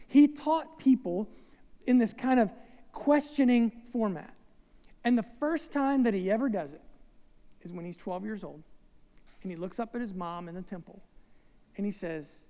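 A man's voice: very high-pitched, moderate pace, warm tone. A man preaching a sermon in a conversational way, with asides and rhetorical questions to the congregation. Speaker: pastor. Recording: long reverb of a large hall.

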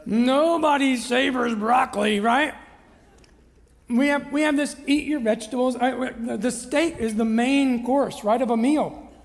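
A man's voice: extremely high pitch, a little slow, gravelly. A man preaching a conversational sermon as pastor, often checking in with his listeners. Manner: chatty, checks in with listeners by asking "right?". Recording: long reverb of a large hall.

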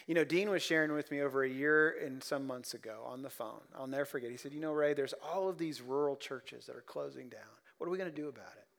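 A male pastor preaching a sermon, telling stories and swinging between quiet, soft moments and loud, emphatic ones. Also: mid-range voice, fast talker, gravelly, few pauses.

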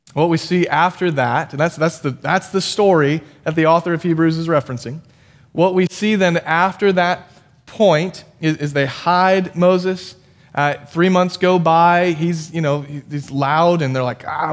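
A man delivers a sermon to his congregation in a relaxed, talkative way. His voice sits a little high for a man. He jokes at his own expense and often restarts his sentences. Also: normal speed. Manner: conversational, self-deprecating, with frequent restarts. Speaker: pastor.

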